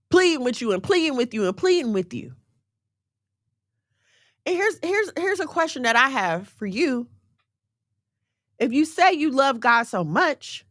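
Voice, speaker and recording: A woman giving a conversational sermon in a direct, animated way, mixing scripture with everyday slang. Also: on the high side, no echo, studio quality. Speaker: faith teacher.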